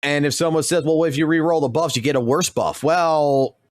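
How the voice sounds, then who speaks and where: A man's voice: on the high side, fairly even intonation, moderate pace, a little mellow, dry recording. Profane, fired-up man ranting dry. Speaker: gaming streamer. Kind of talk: casual ranting commentary.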